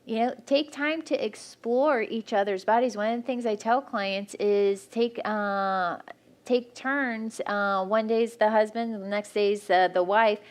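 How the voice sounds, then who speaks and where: A woman's voice: mid-range voice, steady tone, unhurried. A woman speaking frankly and practically at a church marriage workshop, teaching couples.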